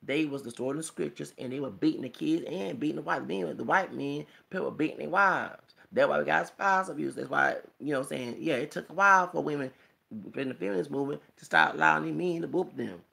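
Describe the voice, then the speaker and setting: A man's voice: fairly high pitch, fast talker, creaky, bright, forceful tone. A man vlogging a rambling, emphatic commentary monologue, preachy and quoting scripture, punctuated with rhetorical "okay?" and "hello!".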